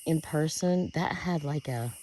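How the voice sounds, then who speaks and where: A vlogger in a rural yard at night, puzzled and talking in hushed bursts into a handheld phone. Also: medium pitch, unhurried, a little hiss or hum, poor audio. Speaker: vlogger investigating sounds. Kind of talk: casual outdoor vlog. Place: outdoors at night in a rural yard by a wooded ridge.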